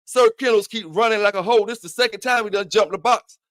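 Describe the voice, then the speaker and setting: A man's voice: high voice, brisk, a bit bright. A man hosting a livestream, taunting and cursing at a rival in heated trash talk. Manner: profane, taunting, challenging. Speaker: livestream host.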